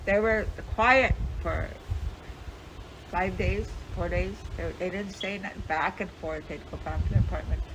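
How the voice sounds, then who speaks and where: An older woman from Fort Belknap, Montana, an elder being interviewed, recalling family stories in a rambling way and acting out remembered dialogue. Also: on the low side. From Fort Belknap, Montana, USA. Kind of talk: casual storytelling recollection. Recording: lo-fi with loud background noise.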